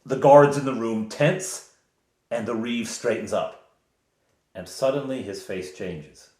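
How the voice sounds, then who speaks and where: A man recounting a tabletop game session as game master, in an animated storytelling manner. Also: lowish voice, measured pace. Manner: animated storytelling, chuckles often. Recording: roomy echo.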